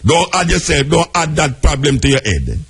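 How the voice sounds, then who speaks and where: A man's voice: fairly high pitch, sing-song, a bit bright, slightly rough. A man with a Jamaican accent hosting a call-in radio talk show, talking callers round in a preachy, reassuring way. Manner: preachy, reassuring, drawn-out emphasis.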